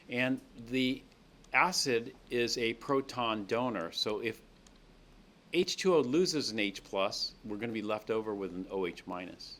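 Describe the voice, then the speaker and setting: This chemistry lecturer has a medium-pitched, fairly bright male voice, and there's a little noise in the background. Teaching in a lecture classroom, he breaks reactions down step by step and keeps checking in with the class.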